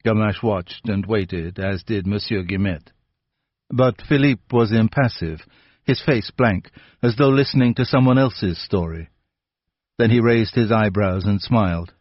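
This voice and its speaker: Male audiobook narrator, even unhurried reading, dull muffled tone, dry close sound. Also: fairly low pitch, no room sound. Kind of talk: scripted narration.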